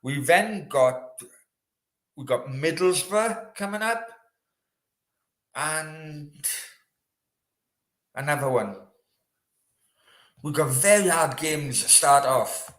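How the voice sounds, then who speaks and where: A man's voice: fairly high pitch, lively intonation, slow pace, pauses often, fairly bright tone, echoey room. A man hosting a casual live chat with viewers, chatty and rambling. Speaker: host. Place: room in Australia.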